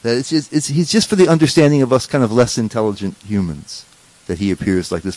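A man's voice: mid-range voice, expressive, fairly quick, darkish tone, no room sound, rough recording. A man giving a conversational scripture class as a spiritual teacher, often restarting sentences and checking in with rhetorical questions.

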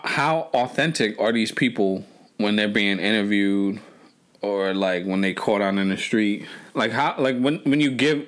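Brief: man, low voice, loose rambling podcast talk, curses freely, restarts sentences often. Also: a bit bright. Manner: rambling, profane, lots of fillers and restarts. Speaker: podcast co-host. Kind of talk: casual chat.

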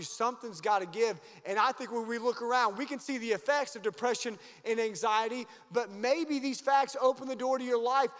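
A man preaching a sermon as pastor, emphatic, swinging from loud highs to quiet asides. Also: long reverb tail.

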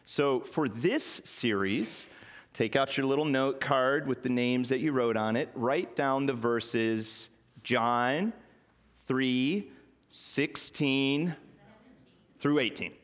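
A man's voice: medium pitch, slow pace. A male pastor preaching a sermon in a church in a conversational, folksy way, with light self-deprecating humor. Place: church sanctuary.

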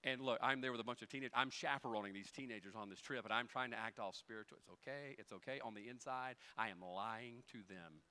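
A male pastor preaching a sermon, moving from quiet folksy storytelling with humorous asides to loud, rising emphasis. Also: mid-range voice, fast talker, hardly any pauses, clean tone.

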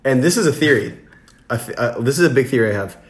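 A man's voice: medium pitch, fast, reverberant. A man co-hosting a podcast, chatting casually through a movie recap and acting out the characters' lines. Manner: animated, acts out characters' lines. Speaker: podcast co-host.

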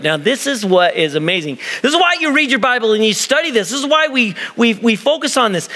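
Animated high-pitched preacher in an echoey hall. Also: male voice. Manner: animated, conversational, acts out quoted voices. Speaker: pastor. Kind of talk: sermon. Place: church sanctuary.

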